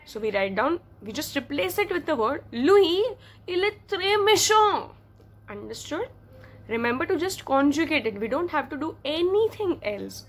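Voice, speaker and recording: Teacher, female, slightly high voice, patient explainer who checks in often. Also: fairly bright tone. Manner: repeats examples and checks understanding often. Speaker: French teacher. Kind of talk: explaining a grammar lesson.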